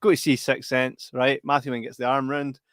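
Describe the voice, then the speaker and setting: A man's voice: mid-range voice, little pitch movement, smooth, no room sound. A man, co-hosting a podcast in sweary, jokey casual chat. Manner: sweary, banterous, quick storytelling. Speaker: podcast co-host.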